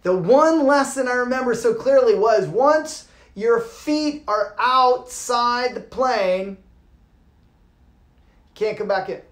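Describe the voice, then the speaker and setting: A man, a yoga teacher, giving an informal talk and telling a lively story, swearing casually and acting out the people in it. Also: extremely high pitch, slow. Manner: animated, swears casually, acts out voices. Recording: roomy echo.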